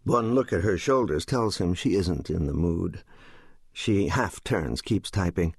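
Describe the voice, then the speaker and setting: A man narrating an audiobook in a measured, descriptive storytelling voice. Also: deep voice, lively intonation, husky, no echo, clean studio sound.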